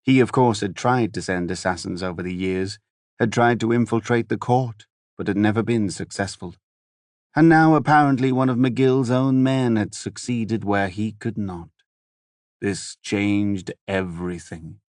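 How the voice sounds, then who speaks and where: This fantasy audiobook is read by a man whose voice sits fairly low, delivering scripted narration at a steady, measured storytelling pace. It's a studio-quality recording with no audible room sound.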